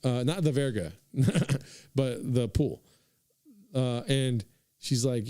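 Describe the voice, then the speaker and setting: On his podcast, a young man spins a funny, meandering tale laced with profanity, saying "dude" a lot and talking directly to listeners. His voice is medium-pitched and a little mellow at normal speed, with clean studio audio and no room sound.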